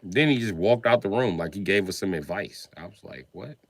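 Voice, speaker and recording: A man's voice: sits low, lively intonation, fairly quick. A man in his forties chatting casually on a livestream, answering viewers with profane, slangy, joking banter. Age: 40s.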